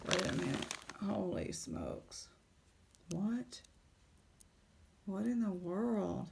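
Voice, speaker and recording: A woman, casually chatting in a jewelry vlog, excited and exclaiming in shock. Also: medium pitch, slow, vocal fry, pauses often, background noise. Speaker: jewelry unboxing vlogger.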